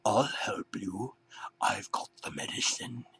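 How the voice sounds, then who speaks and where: A man voicing sinister male cartoon bananas in pajamas with a squeaky English accent. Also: expressive, slow pace, fairly bright tone, exaggerated voice. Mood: hissing whisper. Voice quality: squeaky, put-on.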